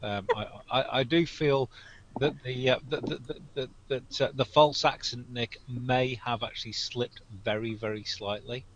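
A man narrating as game master in a casual tabletop game, talking haltingly with many fillers and restarts. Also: mid-range voice, fairly even intonation. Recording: slightly dull lo-fi sound.

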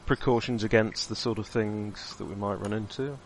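A man's voice: on the low side, fairly even intonation, moderate pace, slight background noise. A man playing a tabletop game, speaking with dry, wry humour. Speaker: player. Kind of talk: casual tabletop game chat.

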